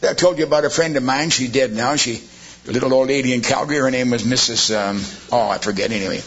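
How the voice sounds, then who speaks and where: A man's voice: mid-range voice, fast, a bit bright, slightly rough. A man preaching a sermon, firing off rhetorical questions with sarcastic asides. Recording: dull lo-fi sermon recording.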